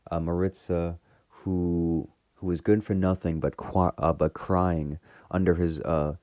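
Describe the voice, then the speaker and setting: Low, dark-voiced man rambling through a recap. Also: level tone, measured pace, no echo. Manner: rambling, full of fillers and restarts. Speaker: fan reviewer retelling a TV episode.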